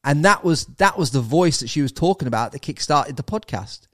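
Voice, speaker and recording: An English man in his thirties, a podcast guest telling a story in casual chat, animated and swearing, with bro and mate thrown in. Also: fairly high pitch, a little fast, no echo, studio quality. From England.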